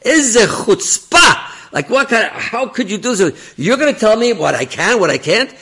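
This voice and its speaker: Man playing a hot-tempered army officer in a told story, raspy gravelly bark, lively swings in pitch. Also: fast talker, exaggerated voice. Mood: furious. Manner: blurts Hebrew phrases, shouts when angry.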